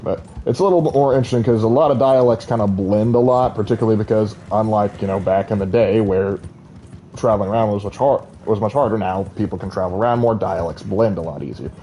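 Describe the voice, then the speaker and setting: A man's voice: on the low side, fast talker, mellow, a little hiss or hum. A man, chatting and rambling as he streams a game, laughing often. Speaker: gaming streamer. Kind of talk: casual live-stream commentary.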